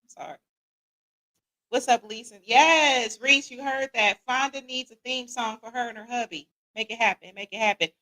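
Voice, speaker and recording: A middle-aged woman hosts a casual livestream, reading out viewer comments. Her voice sits a bit high, and she talks in a lively, slangy, joking way. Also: moderate pace. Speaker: podcast host.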